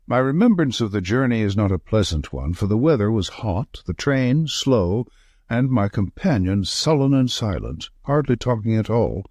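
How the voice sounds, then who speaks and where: A man narrating a classic story in a measured, storytelling manner. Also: fairly low pitch, darkish tone, no echo, studio quality. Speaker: audiobook narrator. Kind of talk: scripted narration.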